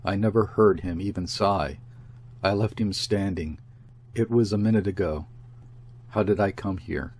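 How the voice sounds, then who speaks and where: A man's voice: deep voice, unhurried, pauses often, darkish tone, breathy edge, heavily acted. A man voicing a grief-stricken young peasant wife in an audiobook, pouring out bitter words in a rush.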